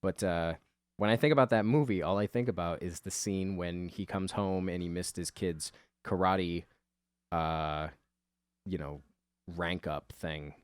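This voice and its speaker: Rambling artist guy, low-pitched, dry close voice-over, self-mocking and loose. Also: measured pace, smooth, dry recording. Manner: meandering, self-deprecating, swears casually. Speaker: artist, channel host. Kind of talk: rambling commentary over a drawing video.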